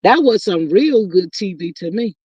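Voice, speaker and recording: In a muffled recording with no room sound, a woman speaks in an animated, husky, darkish mid-range voice at normal speed. She hosts a casual livestream, reading comments aloud and chatting with viewers she calls "y'all" and "child."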